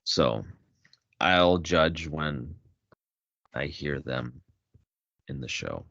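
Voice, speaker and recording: A man's voice: extremely low pitch, lively intonation, drawn-out words, vocal fry, a bit bright, dry recording. A man co-hosting a casual podcast who rambles with many fillers. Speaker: podcast co-host. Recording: dry, dull lo-fi mic.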